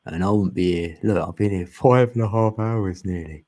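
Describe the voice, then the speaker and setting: Low gravelly man, dark husky voice, rambling host chat. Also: normal speed. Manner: rambling, laughs often. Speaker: channel host. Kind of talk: casual spiritual chat. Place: long live stream.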